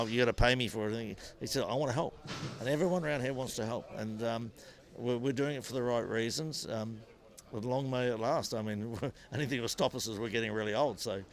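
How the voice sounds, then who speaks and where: Older Kiwi ex-racer telling stories. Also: male voice, mid-range voice. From New Zealand. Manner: animated anecdotes with frequent restarts. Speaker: former motorcycle racer and businessman. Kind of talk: interview, storytelling.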